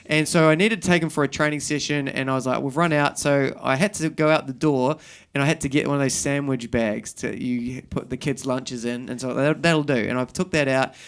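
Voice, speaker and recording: A man's voice: mid-range voice, fairly even intonation, brisk, smooth. A middle-aged man with a New Zealand accent, doing self-deprecating stand-up storytelling on stage at a live show and acting out scenes. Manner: rambling, self-deprecating, acts out scenes, breaks into shouting. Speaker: stand-up comedian.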